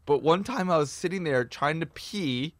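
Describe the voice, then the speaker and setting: A man co-hosting a podcast, telling crude stories in a casual, animated way. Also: on the high side, normal speed, no room sound. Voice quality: animated storyteller, laughs often. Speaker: podcast co-host.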